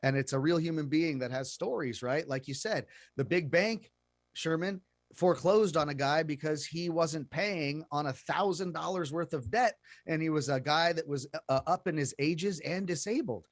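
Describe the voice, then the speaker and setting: Chatty male talk-show host, slightly high. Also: normal speed, no room sound, clean studio sound. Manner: chatty, repeats words, addresses folks. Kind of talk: explaining investing to listeners.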